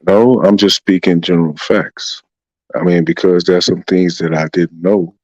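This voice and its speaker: A man with a very low voice talks in loose, rambling casual chat, repeating his filler phrases. The sound is dull and dry. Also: steady tone, normal speed, a little mellow, no echo. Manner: rambling, repeats "you know what I'm saying".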